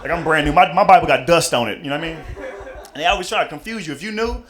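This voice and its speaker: A man's voice: on the high side, racing. A young man performing a chatty stand-up comedy routine on a club stage. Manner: animated, chatty, many "you know what I mean".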